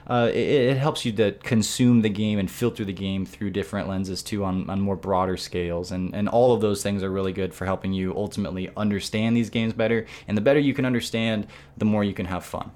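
A man hosts a relaxed gaming podcast in a fairly low voice. He thinks out loud, circling back and restarting his sentences as he goes. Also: a little fast, few pauses. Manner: thoughtful, rambling with restarts. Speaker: podcast host. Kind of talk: casual podcast chat.

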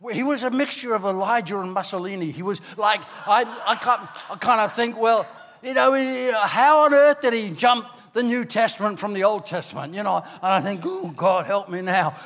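An older man from Ireland, preaching a sermon as a pastor, telling stories with animated bursts into shouting. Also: very high voice. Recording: long hall reverb.

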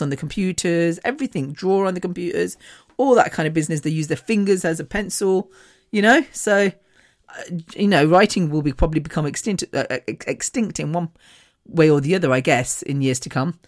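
A podcast host with a lowish voice talks fairly quickly, sharing a personal story with candor. She keeps it chatty, swears freely, and laughs a lot.

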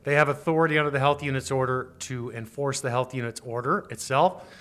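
A male lawyer explaining rules in an interview, speaking in a measured, precise and formal way. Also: medium pitch, steady tone, a bit bright. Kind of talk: expert interview.

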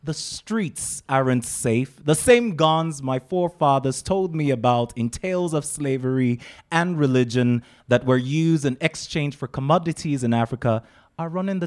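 A man from Calabar with a Nigerian accent, performing spoken-word poetry with dramatic emphasis and rhythmic repetition. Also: on the high side.

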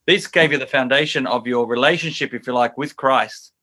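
A man hosting an interview, asking questions in a hesitant way with many pauses. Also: medium pitch, pushed and bright. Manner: hesitant, with many fillers and restarts. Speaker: interview host.

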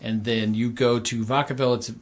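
A man's voice: medium pitch, flat delivery, a little fast, slight background noise. A man co-hosting a casual movie podcast, chatting about film details. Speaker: podcast co-host. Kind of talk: casual movie-review chat.

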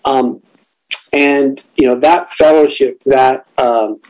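A middle-aged man candidly telling a personal story, reflective and halting, often restarting his sentences. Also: medium pitch, fairly even intonation, darkish tone, poor audio. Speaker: guest sharing a recovery story.

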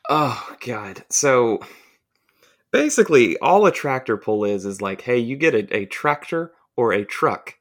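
A man's voice: mid-range voice, very animated, a little slow, a bit bright. A man from the southern United States, co-hosting a podcast and telling a long, profane, rambling story in casual chat. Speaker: podcast co-host.

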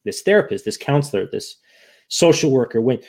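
A man's voice: medium pitch, lively intonation, fairly quick, a little mellow. A man from the United States, a guest and author, talking frankly and emotionally in an interview, swearing now and then and often restarting his sentences. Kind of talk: candid interview conversation.

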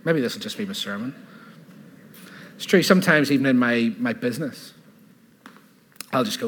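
A man preaching a sermon in an animated style, asking rhetorical questions and adding laughing asides, in a church hall. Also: mid-range voice, moderate pace, long pauses, a little hiss or hum. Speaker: pastor.

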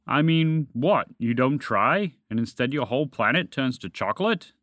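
A man voicing a calm, matter-of-fact orange dragon with a gentle, shrugging manner in a storybook reading. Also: mid-range voice, moderate pace, no echo, studio quality, natural voice. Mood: wry.

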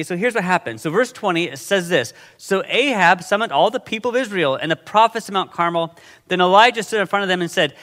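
A man preaches in a bright, slightly high voice, retelling scripture and checking in with his listeners again and again. His words ring out with a long reverb, as in a large church. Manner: conversational, asks the congregation questions. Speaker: pastor. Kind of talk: sermon.

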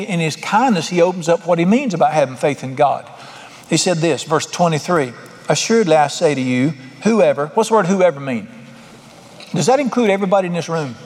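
Pastor, male, somewhat high voice, folksy conversational sermon, long reverb from the sanctuary. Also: a little mellow. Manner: folksy, conversational preaching with repeated "all right".

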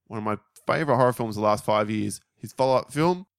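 A man's voice: on the low side, fast talker, vocal fry, smooth, no room sound, clean studio sound. A man co-hosting a film review podcast in casual chat, blunt and emphatic, swearing freely.

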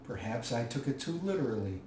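A man's voice: mid-range voice, very animated, brisk, a little mellow, natural voice. A man voicing a prim, indignant hobbit, reading from a storybook. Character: fussy, indignant male hobbit. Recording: roomy, distant mic, faint hiss.

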